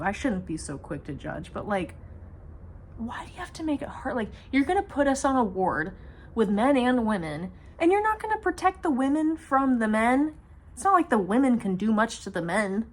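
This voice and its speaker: A young woman vlogger telling a storytime monologue to her camera, swearing freely and speaking with animated emphasis. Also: fairly high pitch, a little hiss or hum.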